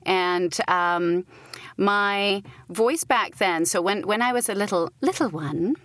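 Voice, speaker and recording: A woman's voice: medium pitch, slow, a bit bright, dry recording. A middle-aged woman from Britain, an audiobook narrator, telling stories animatedly and laughing often in a casual interview.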